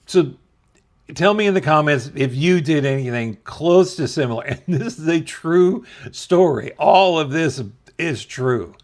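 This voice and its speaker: A middle-aged man casually telling a funny school story to his viewers, laughing at himself along the way. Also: fairly high pitch. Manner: slow, laughing, self-deprecating. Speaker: channel host telling a story.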